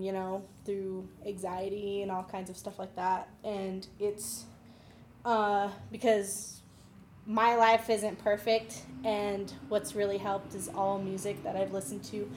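A woman in a casual group discussion, speaking haltingly with restarts. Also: mid-range voice, a little mellow, slight background noise. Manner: halting, many fillers and restarts. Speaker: discussion participant.

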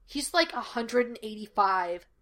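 A nervous young man who protests every plan with dry, anxious objections, as a woman reads him. The voice sits on the higher side. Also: expressive, measured pace, a bit bright. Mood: protesting. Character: nervous, skeptical young male sidekick.

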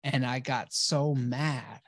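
A man's voice: mid-range voice, fairly even intonation, slow, no echo, studio quality. A man telling his own story casually as a guest, blunt and profane, acting out his old replies.

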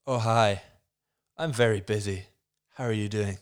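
A man voicing a busy, evasive young man on the phone in a put-on American accent, reading loudly and stiffly. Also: lowish voice, steady tone, unhurried, clear, resonant tone, natural voice. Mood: brusque. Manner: loud, stilted script reading.

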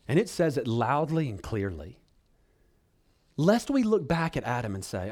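High-voiced pastor preaching earnestly. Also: male voice, very animated, fairly quick. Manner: earnest preaching, swings between loud pleading and hushed low tones; addresses congregation as brothers and sisters. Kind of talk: sermon.

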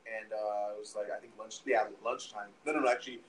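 A man's voice: lowish voice, fairly even intonation, fast, a little hiss or hum, low-quality recording. A young man tells a story in casual conversation, rambling and profane, with lots of restarts and fillers. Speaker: podcast guest, musician.

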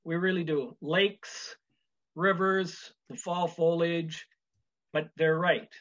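Higher-voiced Minnesota man on dull audio. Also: fairly even intonation, a bit bright. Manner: measured, with frequent uh pauses. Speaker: guest, wrestling official. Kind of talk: casual interview chat.

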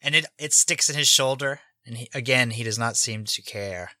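A man runs a tabletop game and narrates the action plainly. His voice is very bright and forward, and it sits dry and close on the mic. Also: mid-range voice, normal speed, no echo. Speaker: game master.

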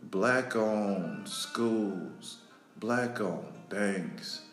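A man, hosting a podcast and delivering an emotional, preachy monologue that repeats lines for emphasis and swings between loud and soft. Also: fairly low pitch, lively intonation, drawn-out words. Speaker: podcast host. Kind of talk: impassioned spoken monologue. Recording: roomy echo with faint music.

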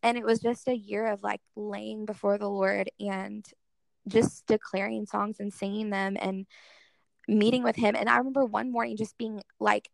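Young woman with a gravelly, fry-laden voice. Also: mid-range voice, steady tone, normal speed, no echo. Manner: earnest, heavy use of "like" as filler. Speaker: guest speaker in worship ministry. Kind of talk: casual interview storytelling.

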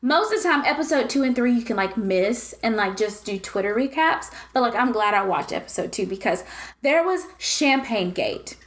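A young woman with a high voice co-hosting a casual gossip podcast. She tells stories animatedly and swears freely. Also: animated, normal speed. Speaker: podcast co-host.

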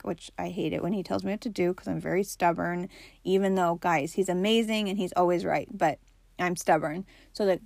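A woman in her forties hosts a podcast, sharing personal stories in a candid, chatty way and laughing often. Her voice is medium-pitched and brisk, and the recording is dry.

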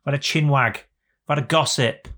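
A man's voice: mid-range voice, brisk, bright, forceful tone. A young man co-hosting a podcast in a jokey, rambling chat with playful repetition. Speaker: podcast co-host. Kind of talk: casual chat.

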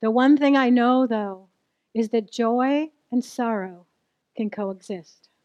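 Middle-aged female preacher, high voice, dry recording, candid and conversational with the congregation. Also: slow pace, a little mellow, dry recording, lo-fi sound. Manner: candid storytelling, asks the audience questions. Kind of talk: sermon to a live church audience.

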